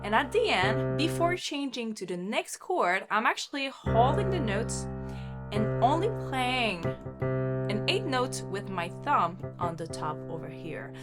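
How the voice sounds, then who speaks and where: A woman's voice: a little high, big pitch swings, a little slow. Upbeat woman teaching keyboard over piano. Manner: counts beats aloud while playing; upbeat, instructive. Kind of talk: keyboard lesson with demonstrations. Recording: loud piano playing alongside.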